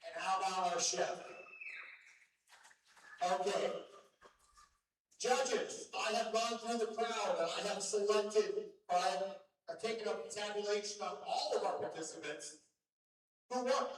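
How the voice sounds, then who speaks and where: A man's voice: sits high, unhurried, pauses often. A man emceeing a county fair show, bantering playfully with kids and rallying the crowd to applaud. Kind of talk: live announcing to a crowd. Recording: echoey, distant, faint noise.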